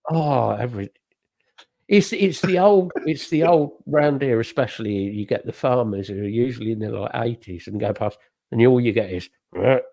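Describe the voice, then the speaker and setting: A man's voice: medium pitch, moderate pace, creaky, dark tone. A man co-hosting a live stream in casual chat, blunt and full of banter, calling people mate.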